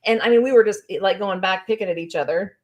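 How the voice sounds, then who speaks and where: A woman's voice: mid-range voice, fast talker. Chatty woman. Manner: chatty storyteller with many fillers. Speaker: co-host. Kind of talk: casual chat.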